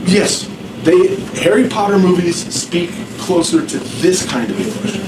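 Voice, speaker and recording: Male ESL teacher, conversational lecture, slightly high voice, distant mic, noisy background. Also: measured pace, roomy sound. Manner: rambling, conversational, asks the class questions. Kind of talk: classroom lecture. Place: classroom.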